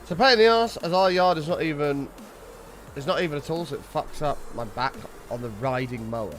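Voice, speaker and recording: A man's voice: a little high, a little fast, slight background noise. A man chatting casually on a game livestream, reading chat and swearing often. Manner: animated, swears often, reads chat aloud. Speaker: streamer.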